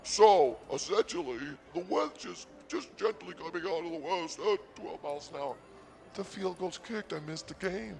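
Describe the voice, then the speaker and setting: A man's voice: sits high, animated, normal speed, gravelly, a little mellow, soft background music. A man hosting a comedy podcast, rambling sarcastically and mock-boastfully about his day at a casino.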